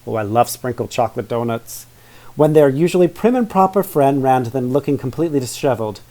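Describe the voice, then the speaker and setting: A storybook reader with a mid-range, dark-toned voice reads a children's story aloud a little fast and expressively. He sprinkles in chatty asides and questions for his young listeners.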